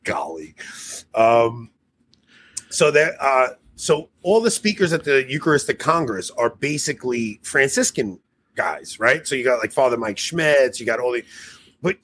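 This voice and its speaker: A man's voice: medium pitch, animated, normal speed, fairly bright tone, a little hiss or hum. A man hosting a podcast in casual chat, rambling and laughing at himself. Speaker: podcast host.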